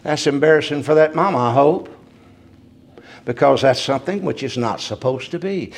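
A man delivers a sermon. His voice is a little high and gravelly with fry. He climbs into forceful emphasis, then falls back to quiet storytelling. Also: moderate pace. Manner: preaching that rises to emphatic peaks and drops to quiet storytelling. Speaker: preacher.

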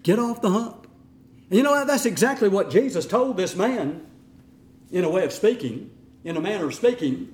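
A middle-aged man preaching a sermon in an animated way, sometimes mimicking whiny voices. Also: high-pitched, a little fast, roomy sound. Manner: animated, acts out whining voices.

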